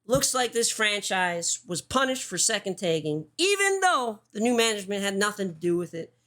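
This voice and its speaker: Woman streamer, casual commentary, heavy swearing, mid pitch. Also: big pitch swings, a bit bright. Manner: swears often, talks in quick restarts. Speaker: streamer hosting a show.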